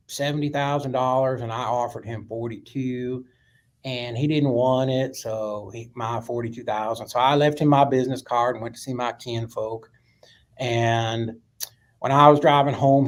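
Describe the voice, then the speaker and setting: A man's voice: mid-range voice, lightly acted. A man retelling as a plain old Florida farmer. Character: plain-spoken elderly rural Florida man.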